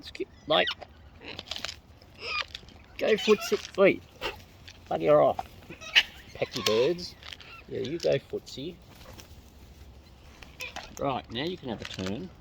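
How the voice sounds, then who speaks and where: A woman outdoors chatting playfully to wild birds, her greetings jumping into squeaky high hellos, recorded on a phone. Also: sing-song, takes it slowly, gravelly, long pauses, background noise. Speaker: vlogger feeding wild birds. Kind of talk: casual chat to birds. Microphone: phone camera.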